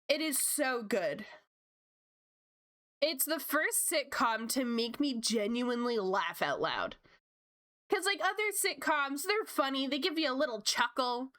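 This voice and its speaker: This art streamer, a Canadian woman in her late twenties, has a slightly high, somewhat bright voice. She draws on stream while rambling in casual chat and laughing often.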